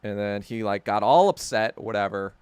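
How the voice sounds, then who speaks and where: A man's voice: lowish voice, moderate pace, clean tone, dry recording. A man hosting a podcast, telling a story in a heated, profane, sarcastic rant. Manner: sarcastic, laughing at himself. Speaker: podcast host. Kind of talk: casual rant.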